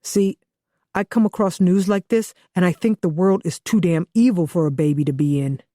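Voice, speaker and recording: A woman's voice: fairly low pitch, normal speed, dark tone, no room sound, studio quality, close to an everyday voice. A woman voicing a blunt, profane young man who is about to become a father, read for an audiobook. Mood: rueful. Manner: profane, teasing, matter-of-fact. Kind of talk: audiobook dialogue reading.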